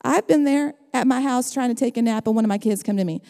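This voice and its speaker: A woman's voice: a little high, fast, gravelly, dark tone, big-room sound. A middle-aged woman preaching a sermon, calling out to her congregation with rising passion. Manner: impassioned, calls out to the congregation. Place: church sanctuary.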